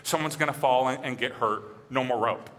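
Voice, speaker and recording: A man voicing a calm father who firmly warns his young son, speaking steadily and plainly. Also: mid-range voice, fairly quick, big-room sound, slight background noise, voice pushed down, natural voice.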